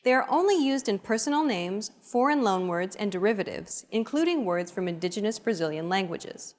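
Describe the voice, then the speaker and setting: A woman narrating a scripted language lesson in an even, explanatory way. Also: mid-range voice, a little fast.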